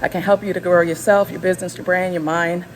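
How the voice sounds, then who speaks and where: A woman's voice: fairly low pitch, flat delivery, fast talker, slight background noise, low-quality recording. A woman in her fifties vlogging unscripted from a gym while walking on a treadmill, a little out of breath, giving emphatic encouragement. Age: 50s. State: slightly out of breath. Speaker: YouTube channel host. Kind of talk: unscripted motivational vlog.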